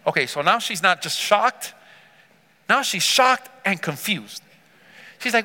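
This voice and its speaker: A man preaching a sermon, retelling a Bible story with lively character voices and calling on the congregation to respond. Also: high voice, a little slow, long pauses. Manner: engages congregation with call-and-response. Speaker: pastor. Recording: reverberant church hall.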